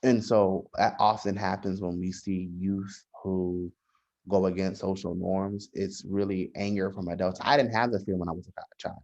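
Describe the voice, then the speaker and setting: A man, a social worker, talking in a casual podcast conversation, measured and often restarting his sentences. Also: low voice, little pitch movement, a little mellow. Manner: measured, frequent restarts and hesitations. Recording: dull lo-fi sound.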